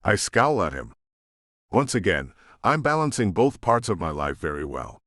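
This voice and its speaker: A man narrating a first-person romance audiobook in an expressive, emotional way. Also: low-pitched, moderate pace, no room sound, clean studio sound.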